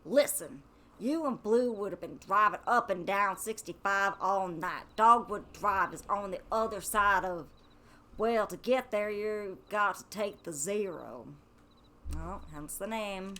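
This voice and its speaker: A woman's voice: medium pitch, unhurried, sharp tone. A woman voicing a gray-haired old man who runs a gas station, with a drawling, folksy manner.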